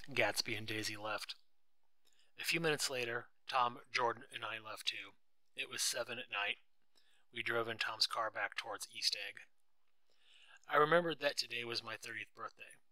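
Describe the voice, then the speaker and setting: Male storybook narrator, plain even delivery, bright tone, dry close mic. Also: mid-range voice, no room sound, rough recording.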